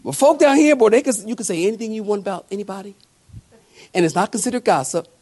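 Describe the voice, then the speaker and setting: A male pastor preaching a sermon in a folksy, animated way with quick asides to the congregation. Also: high-pitched. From not from the American South.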